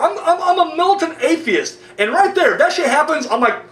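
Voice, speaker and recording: A man ranting casually to camera, animated and profane and jokey, with quick acted-out asides. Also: extremely high pitch, reverberant, distant mic, slight background noise. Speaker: video blogger.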